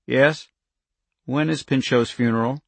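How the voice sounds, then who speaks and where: A man voicing an older male government chief who answers in a flat, obedient way and turns whiny under pressure. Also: medium pitch, measured pace, creaky, no room sound. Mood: dazed.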